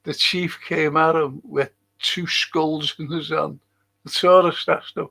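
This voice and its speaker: A man's voice: fairly high pitch, fairly even intonation, slow pace, vocal fry, sharp tone. A man hosting a casual late-night livestream in a rambling, sweary way and chuckling to himself, speaking into a computer mic at a desk. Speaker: livestream host.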